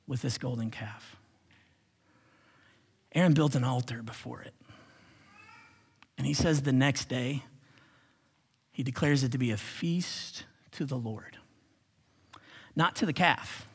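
Animated husky male pastor preaching. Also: mid-range voice, a little slow, long pauses. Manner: animated, swings from exclamations to hushed whispers. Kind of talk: sermon. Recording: long reverb of a large hall.

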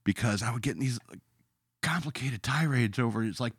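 A man's voice: medium pitch, fairly quick, a bit bright, slightly rough, no room sound, studio quality. A man ranting in a sarcastic, emphatic way as a podcast host, now and then reading out his own comments in a mocking voice.

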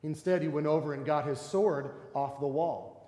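Male pastor, sermon, animated, acts out voices, slightly high pitch, echoey room. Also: moderate pace. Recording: echoey church hall.

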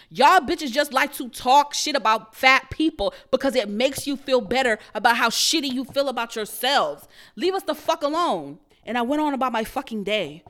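A young woman hosting her own show, ranting in a heated, profane, emphatic way that turns quiet and somber at times. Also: high voice, expressive, moderate pace. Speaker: podcast host. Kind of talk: profane solo rant.

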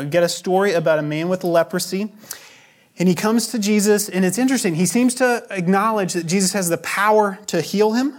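A man preaching a sermon as pastor, explaining scripture in a conversational, teaching way. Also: high-pitched.

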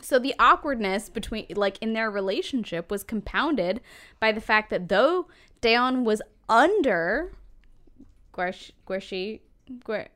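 A woman's voice: a little high, slow. Laughing, swearing woman storyteller. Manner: laughs often, swears freely, animated. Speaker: podcast host telling a history story. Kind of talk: casual storytelling chat.

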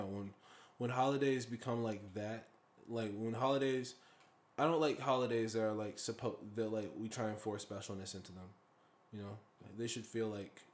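A man's voice: on the low side, slight background noise. A young man co-hosting a podcast, talking in a laid-back, rambling way with lots of fillers and casual swearing. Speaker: podcast co-host. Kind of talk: casual chat.

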